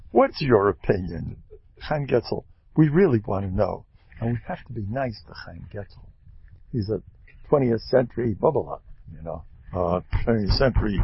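A rebbe and speaker with a fairly low, gravelly voice and a breathy edge gives an informal Torah talk, animated and joking as he acts out quotes. The audio is dull.

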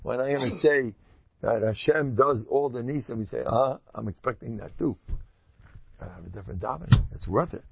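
An older man, a rabbi, giving a Torah lecture full of stories, acting out the people he quotes with sudden high, loud bursts. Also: brisk, creaky, husky. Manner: animated storyteller, jumps high when acting out quoted voices. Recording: dull lo-fi recording.

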